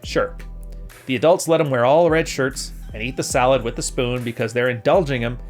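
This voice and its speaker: Blunt podcast host, male, mid-pitched, salty talk, light music bed. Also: brisk. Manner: blunt and profane, mock-quoting others. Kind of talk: casual advice commentary.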